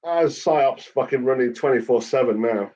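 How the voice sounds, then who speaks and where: A man's voice: medium pitch, normal speed, darkish tone. A man ranting in a casual chat, swearing constantly as he talks. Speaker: channel host. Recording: dull lo-fi recording.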